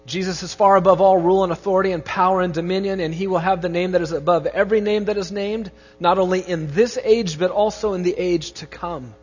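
Pastor, male, high husky voice, earnest preaching; muffled recording in a reverberant hall. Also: fairly even intonation, quick pace, few pauses. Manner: earnest preaching, rising emphasis on key phrases. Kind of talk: sermon with opening prayer.

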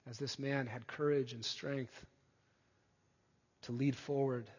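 A male preacher giving an earnest sermon, rising to emphatic peaks and dropping soft again. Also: medium pitch, steady tone, takes it slowly, slightly rough. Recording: dull sound with long hall reverb.

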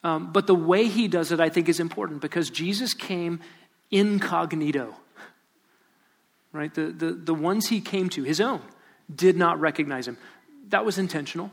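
A man preaching a sermon, reading scripture aloud and acting out sarcastic quotes with animated emphasis. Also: fairly high pitch, moderate pace, vocal fry. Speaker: pastor.

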